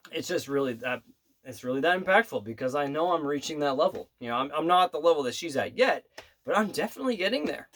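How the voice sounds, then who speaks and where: An earnest man with a fairly high voice talks in a casual, rambling storytelling vlog. He fills his speech with asides and checks, speaking from his home studio. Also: a bit bright. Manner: rambling and earnest, full of "you know" and "right". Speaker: bass player and manifestation coach.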